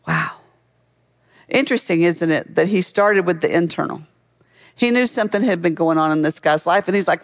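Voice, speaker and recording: A man's voice: high voice, normal speed. A man preaching a sermon as a pastor, in a conversational way that keeps asking the listeners questions.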